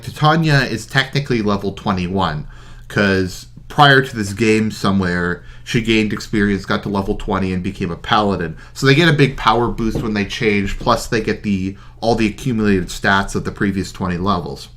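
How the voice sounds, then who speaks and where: A man's voice: lowish voice, normal speed, a bit bright. A man hosting a let's play, chatting casually and explaining game mechanics with frequent fillers. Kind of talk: casual gameplay commentary.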